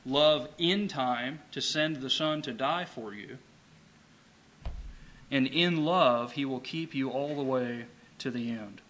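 A preacher with a mid-range voice gives an emphatic sermon, his tone bright and forceful. He repeats key phrases for weight and slows when reading scripture, while faint background noise runs beneath the poor audio.

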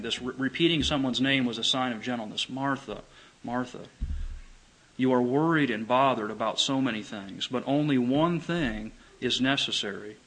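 Earnest man preaching with a bright voice. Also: mid-range voice, low-quality recording. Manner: earnest, rhetorical questions, gentle emphasis. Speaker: pastor. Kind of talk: sermon.

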